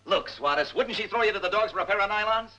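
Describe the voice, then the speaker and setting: A driven police captain. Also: male voice, high voice, lo-fi sound. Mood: interrogating. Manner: forceful, pressing, rapid interrogator. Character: tough driven police captain, stubborn and hard-pressing.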